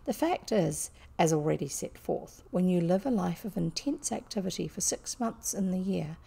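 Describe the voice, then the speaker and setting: A woman reading a classic children's story aloud in gentle, even narration. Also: on the low side, moderate pace, vocal fry, breathy edge. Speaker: audiobook reader.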